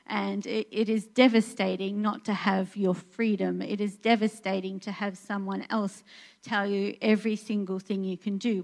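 A woman delivering a sermon in a chatty, earnest tone, often pausing on fillers and restarting her sentences. Her voice sits in an ordinary middle pitch for a woman. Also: creaky. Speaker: preacher. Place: church in Portugal.

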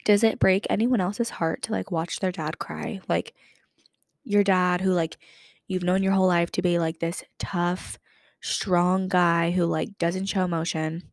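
A woman in her twenties hosts a podcast, chatting casually and saying "like" constantly while dealing with a lingering cough. Her fairly low voice has fairly even intonation and a slightly slow pace, in a dry, studio-quality recording.

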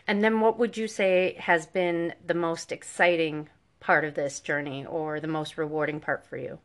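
A woman with a lowish voice hosts a podcast interview. She asks encouraging questions and sums up what her guest says. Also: fairly even intonation, moderate pace. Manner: encouraging, summarizing the guest's answers. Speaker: podcast host.

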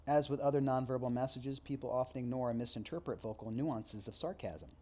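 A man's voice: medium pitch, brisk, dark tone, a little hiss or hum. A man teaching a recorded lecture, reading textbook passages and adding loose spoken asides with fillers. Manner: reads aloud, then adds loose asides with fillers. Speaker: instructor.

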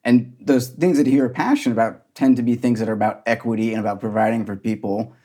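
Husky man arguing earnestly. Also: mid-range voice, steady tone, fast, dark tone. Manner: earnest, argumentative. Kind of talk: casual sports chat.

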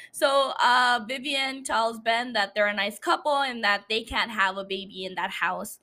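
A woman's voice: a little high, slow pace, pauses often, sharp tone. Chatty swearing woman recapping a show. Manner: chatty, swears, laughs, lots of fillers. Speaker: podcast host recapping a TV series. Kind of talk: casual recap podcast.

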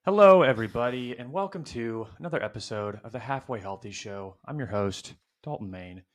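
A man's voice: on the low side, animated, normal speed, faint music behind. Upbeat man hosting a podcast. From Arkansas. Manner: upbeat, loose and joking. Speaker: podcast host. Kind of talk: casual podcast chat.

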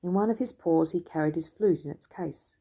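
A woman reading a children's story aloud with gentle, expressive storytelling. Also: fairly low pitch, fairly quick, husky. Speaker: narrator.

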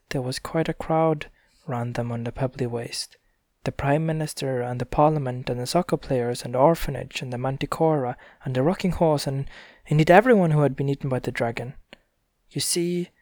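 A man reading a storybook aloud in a gentle, unhurried way, with small self-corrections. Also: mid-range voice, no echo, clean studio sound. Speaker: reader.

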